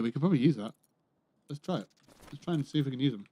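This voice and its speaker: A man's voice: medium pitch, animated, very fast, warm tone, breathy edge. A man chatting casually while playing a game on a livestream, muttering to himself and swearing dryly, close to his microphone. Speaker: streamer. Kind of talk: casual gameplay livestream commentary.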